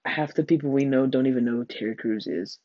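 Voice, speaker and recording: A man's voice: mid-range voice, quick pace, no echo, highs cut off. A teenage boy hosting a casual podcast with a friend, rambling and joking with frequent laughs. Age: teens. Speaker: podcast host.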